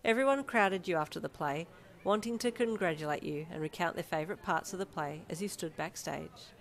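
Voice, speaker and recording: A woman's voice: on the low side, fairly quick. A woman narrating fan fiction in second person, with an upbeat, chatty manner. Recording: faint background music.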